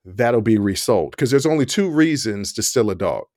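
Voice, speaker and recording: A man's voice: on the low side, animated, normal speed, a little mellow, no room sound, studio quality. A man hosting a podcast, chatting casually, laughing often and speaking straight to his listeners. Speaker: podcast host. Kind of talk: casual chat.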